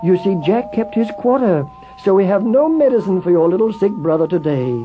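A man voicing a kind woman nurse who apologizes softly in a storybook tale. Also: high voice, lively intonation, brisk, noisy background. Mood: regretful. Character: gentle, sorry woman nurse. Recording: tinny phone-like with faint music.

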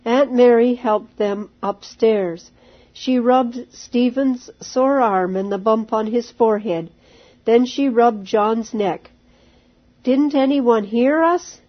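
A woman reading a children's story aloud in a gentle, clear way. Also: a little high, fairly even intonation. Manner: slow, gentle and clear, with light character voices. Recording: dull lo-fi recording.

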